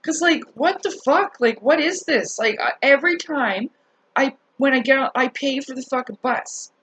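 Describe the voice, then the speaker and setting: A woman telling a story in a casual rant to her viewers, animated, swearing and laughing as she talks. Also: high voice, moderate pace, rough recording. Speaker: vlogger.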